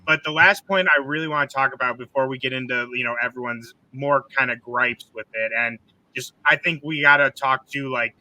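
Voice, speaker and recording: A man's voice: mid-range voice, brisk, bright, forceful tone, dry recording, rough recording. A man hosting a casual podcast chat, rambling and frank, filling his talk with "like" and swearing freely. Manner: rambling, heavy use of "like", frank and profane. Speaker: podcast host.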